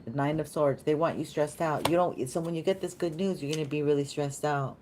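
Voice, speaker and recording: A woman's voice: deep voice, brisk, background noise. A woman giving a chatty, meandering live tarot reading, easily delighted and talking straight to her viewers. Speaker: tarot reader.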